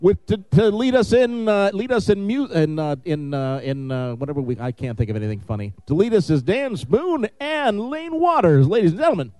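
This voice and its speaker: A man's voice: high-pitched, big pitch swings, fairly quick, hardly any pauses, warm tone, dry recording. Joking male emcee with a put-on Southern drawl. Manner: playful, rambling, self-mocking. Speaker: event emcee. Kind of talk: joking emcee banter at a live event.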